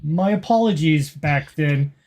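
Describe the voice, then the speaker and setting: A cagey male antiquities dealer with a faint German accent, speaking in a slow, measured way that stays polite while giving nothing away, as a game master puts him on. He talks like a tabletop-game villain bargaining from a position of power. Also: mid-range voice, expressive, a little mellow, close to an everyday voice.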